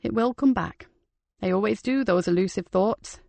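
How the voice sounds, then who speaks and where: Older ex-army woman, as the narrator reads her, wry and thoughtful, gravelly tone, dry sound. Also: mid-range voice, normal speed, darkish tone, no room sound. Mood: reassuring. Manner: dry, self-mocking, reflective. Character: older woman, retired from the military, now a keen gardener.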